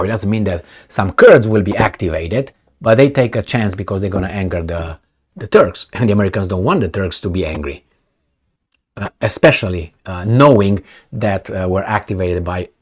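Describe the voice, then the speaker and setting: A man's voice: mid-range voice, darkish tone. A man giving a casual solo commentary, blunt and rambling, with sarcastic asides and mocking put-on voices for quoted talk. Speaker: political commentator.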